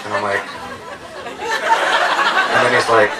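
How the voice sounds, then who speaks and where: A man's voice: lowish voice, fairly quick, over a noisy crowd, heavy background noise. Casual, profane man telling stories on stage. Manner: casual, profane, self-mocking. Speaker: storyteller. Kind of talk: live storytelling on stage. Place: live stage venue with an audience. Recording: roomy hall, heard from a distance.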